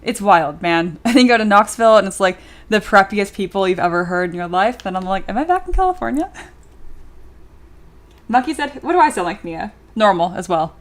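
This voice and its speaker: A woman's voice: medium pitch, moderate pace. A young adult woman livestreaming while she sculpts, chatting casually and giggling as she reads viewer comments aloud. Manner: chatty and giggly, with frequent fillers.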